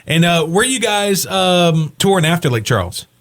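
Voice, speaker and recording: A man's voice: high-pitched, lively intonation, normal speed, a bit bright. A male morning radio host interviewing a guest in the studio in a friendly, chatty way.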